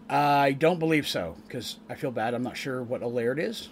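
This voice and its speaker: This streamer and game master has a mid-range, fairly bright voice and a moderate pace, with a little hiss or hum behind him. Raised in Canada, he's an adult and the eldest grandchild, and he has a wife. His tabletop campaign recap is casual and rambling, with sentences often restarted.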